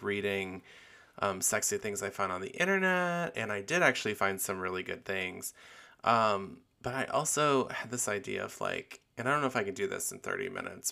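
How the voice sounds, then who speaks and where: Slow gravelly man hosting a podcast. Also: on the low side, bright, forceful tone. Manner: rambling, playful, many fillers. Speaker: podcast host. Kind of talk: casual solo podcast chat.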